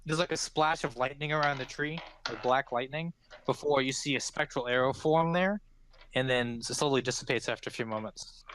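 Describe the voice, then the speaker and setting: A man's voice: medium pitch, brisk, a bit bright, slight background noise. A man narrating a tabletop game as game master, rambling with many fillers.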